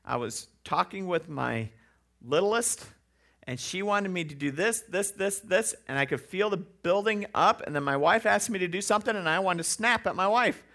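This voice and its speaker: A man's voice: sits high, lively intonation, normal speed, creaky, sharp tone. A man preaching a sermon in a conversational way, with joking asides and rhetorical questions. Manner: acts out quoted voices.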